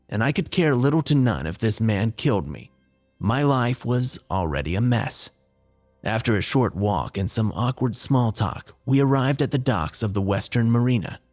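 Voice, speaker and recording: A man's voice: lowish voice, darkish tone. A man narrating a scripted horror story in a wry, dry, confessional tone. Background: faint music.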